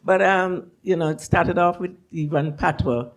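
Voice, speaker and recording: A woman's voice: fairly low pitch, steady tone, unhurried. An older woman, from Jamaica, asking a question from the audience in a chatty, reminiscing way. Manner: chatty, reminiscing, many fillers. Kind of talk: question from the floor.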